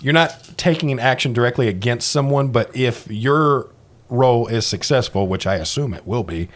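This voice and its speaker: A man narrating a tabletop game as game master, relaxed and quick to laugh. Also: mid-range voice.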